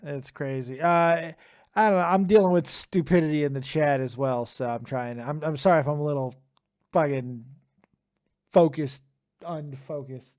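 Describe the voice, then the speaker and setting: Young man, streamer host, tired, profane, ranting, fairly high voice. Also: normal speed, darkish tone. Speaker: streamer host taking live callers. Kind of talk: profane live-stream rant.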